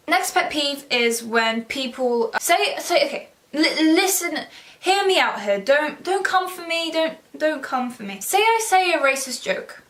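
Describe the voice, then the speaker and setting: High-voiced teen girl ranting. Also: a bit bright. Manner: sarcastic, blunt, rambling rant. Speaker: vlogger. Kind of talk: ranting vlog monologue. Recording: roomy sound, mic far off.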